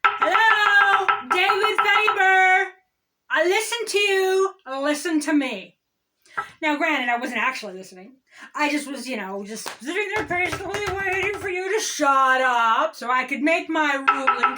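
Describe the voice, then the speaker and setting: A woman doing a mocking comedic impression of a smug, self-important male town mayor, full of drawn-out pompous declarations. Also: high-pitched, background noise. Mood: mock-patient.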